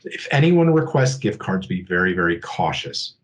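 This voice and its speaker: A man's voice: deep voice, big pitch swings, moderate pace. A man presenting a security awareness talk in a conversational, explanatory way, often checking in with his listeners. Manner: acts out scammer and victim lines in a livelier voice.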